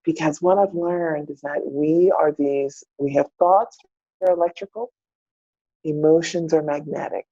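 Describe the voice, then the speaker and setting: A woman's voice: deep voice, mellow, breathy edge, no room sound. A woman guest on a podcast, telling her personal story candidly and acting out her own past words. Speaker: podcast guest, spiritual mentor. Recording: dull, dry lo-fi podcast audio.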